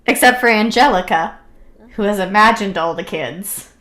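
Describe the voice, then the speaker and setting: A woman co-hosting a casual chat, easygoing and often laughing, reading a theory aloud at a steady clip. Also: medium pitch, moderate pace. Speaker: podcast co-host.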